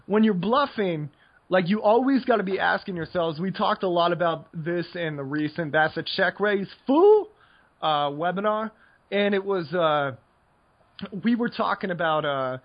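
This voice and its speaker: American male podcast co-host, higher pitch, tired and loose, slightly dull lo-fi sound. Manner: rambling, filler-heavy, laid-back. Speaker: podcast co-host, poker coach. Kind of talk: casual podcast chat.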